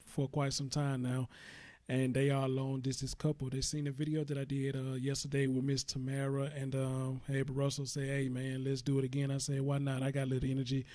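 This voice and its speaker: A man's voice: mid-range voice, a little fast, dry recording. A man hosting a casual online interview, laid-back and full of fillers. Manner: laid-back, many "uh" fillers, even delivery. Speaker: host.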